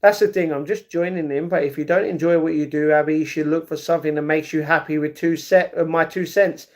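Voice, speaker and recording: A man live-streaming who reads his viewers' chat aloud and argues back, with excited reactions to a fight he is watching. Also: fairly high pitch, fairly quick. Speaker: livestreamer. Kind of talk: casual livestream chat.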